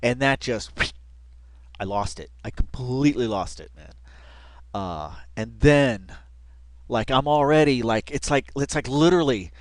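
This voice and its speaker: A man's voice: mid-range voice, a little slow, no room sound. A man giving casual reaction commentary, rambling with lots of fillers and bursts of laughter. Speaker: reaction video host.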